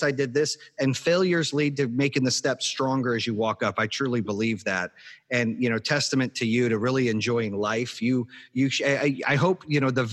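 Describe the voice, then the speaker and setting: A man's voice: medium pitch, fairly bright tone. A man from Arizona hosting a podcast, giving a motivational pep talk with many restarts and fillers. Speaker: podcast host. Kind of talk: casual podcast chat.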